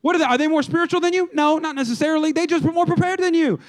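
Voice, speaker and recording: High-voiced, animated male pastor preaching. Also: rapid-fire. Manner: animated, conversational preaching with acted-out quotes. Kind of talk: sermon.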